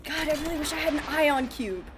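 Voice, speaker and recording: High-voiced woman streamer reacting to gameplay. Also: animated, fairly quick, noisy background. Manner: chatty, talks to chat and the game, laughs often, bursts of alarm. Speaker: streamer playing a survival game. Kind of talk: live gameplay commentary.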